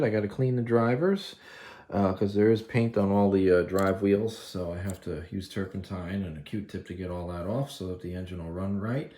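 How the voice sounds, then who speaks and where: A man's voice: deep voice, moderate pace. A man casually narrating a walk-around of his own work while filming it on his phone in his kitchen, with lots of fillers. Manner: relaxed, many fillers, talks while filming. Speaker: model train hobbyist showing his work. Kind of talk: casual show-and-tell narration. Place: home kitchen, indoors. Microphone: phone camera held while filming.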